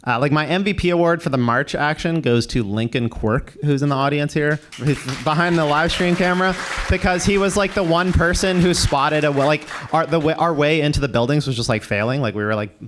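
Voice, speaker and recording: A man's voice: on the high side, brisk, few pauses, a bit bright, a little hiss or hum. A man speaking on a panel as an activist, rambling and hesitant, with many restarts. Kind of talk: casual panel talk.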